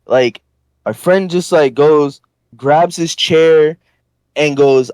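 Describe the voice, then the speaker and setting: Guy from north florida cussing through a wild story, kinda high voice, dry close mic. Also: slow, clean tone, no room sound. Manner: animated, profane, rambling anecdote with many fillers. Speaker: podcast guest. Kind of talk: casual storytelling.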